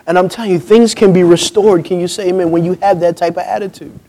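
A man from New Jersey preaching a sermon as pastor, swinging between loud punchy bursts and hushed, intimate pleading, calling out for amens and acting out conversations. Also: sits high, fast, hardly any pauses, poor audio. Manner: calls for amens, acts out dialogue.

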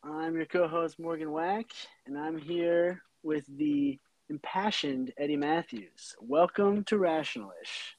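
A man's voice: on the high side, a little slow, a little mellow, no room sound, rough recording. A man co-hosting a podcast in casual chat, joking and laughing often. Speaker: podcast co-host.

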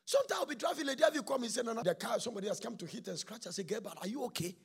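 Raspy high-voiced preacher man. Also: lively intonation, very fast. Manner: dramatic storytelling, swings from hushed to shouting, acts out dialogue. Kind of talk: sermon on marriage.

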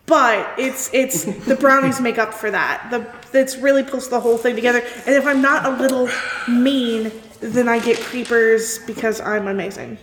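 A woman playing a party game, boastfully pitching herself in an improvised job interview. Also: a little slow, fairly bright tone. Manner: boastful, joking. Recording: echoey room with light noise.

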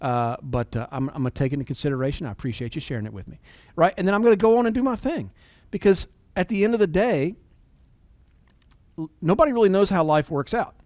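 A man in his forties giving an earnest, emotional motivational talk, at times dropping to a soft near-whisper. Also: fairly high pitch, lively intonation, quick pace, no echo. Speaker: business leader and motivational speaker.

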